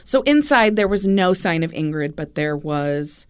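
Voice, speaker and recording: A woman's voice: low-pitched, lively intonation, measured pace, hardly any pauses, clean tone. A woman co-hosting a podcast, telling a true-crime story in a chatty way, with easy laughs and loose fillers. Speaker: podcast co-host.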